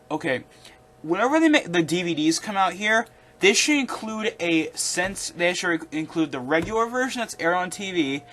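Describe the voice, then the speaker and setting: Animated young man ranting casually. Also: fairly high pitch. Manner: animated, exasperated, rambling with restarts and laughs. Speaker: video host.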